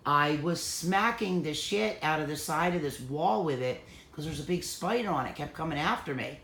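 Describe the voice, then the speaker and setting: Woman, gravelly voice, bright tone, laughing storyteller, echoey room. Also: deep voice, animated, moderate pace, a little hiss or hum. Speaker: co-host selling magical items. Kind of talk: casual storytelling chat.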